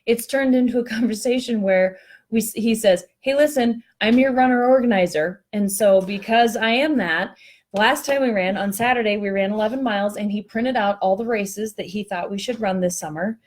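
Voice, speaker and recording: A woman telling a story in a chatty, animated way, poking fun at herself. She speaks at a middle pitch, on what sounds like an online call. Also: normal speed. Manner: chatty, animated, self-mocking. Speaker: co-host discussing workplace culture. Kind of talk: casual conversational storytelling.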